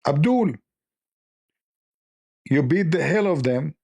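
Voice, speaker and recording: A man hosting a casual livestream, his voice gravelly and husky. He rambles along in a mocking, sarcastic way, and his tone stays dark and low-lit. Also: animated, takes it slowly. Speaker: livestream host.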